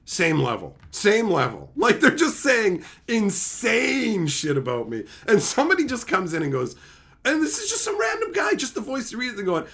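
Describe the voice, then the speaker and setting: A man's voice: high-pitched, huge pitch swings, normal speed, vocal fry, a bit bright. A man from Canada hosting a live stream, telling stories in casual, profane chat and laughing often.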